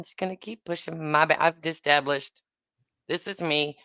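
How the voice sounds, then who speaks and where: A woman's voice: sits low, normal speed, pushed and bright, no room sound. A woman telling a story in casual chat. She is blunt and profane and laughs as she talks. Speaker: podcast host.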